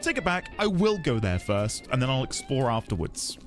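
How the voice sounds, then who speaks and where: A man casually commenting while playing a game, chatty and quick to laugh. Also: mid-range voice, soft background music. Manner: chatty, giggly, animated. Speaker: game streamer. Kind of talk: let's play commentary.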